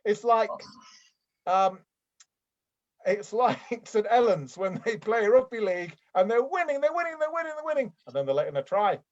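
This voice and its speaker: A man playing a fussy stamp-club member in an improvised comedy scene, rambling and chiding, with excitable outbursts. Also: high voice, normal speed, highs cut off. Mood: excited. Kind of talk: improvised comedy scene over video call.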